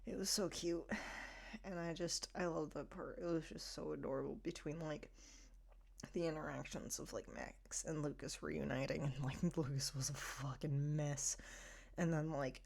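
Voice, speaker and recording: Young woman, fairly low voice, casual review chat, rambling, laughs a lot, heavy "like" filler. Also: fairly even intonation, normal speed, creaky, a little mellow. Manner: chatty, laughs often, many "like" fillers. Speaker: TV episode reviewer.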